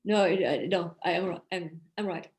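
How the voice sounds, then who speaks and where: A woman's voice: lowish voice, normal speed, a little mellow, reverberant. A woman therapist from Germany, talking earnestly and animatedly in a casual podcast conversation.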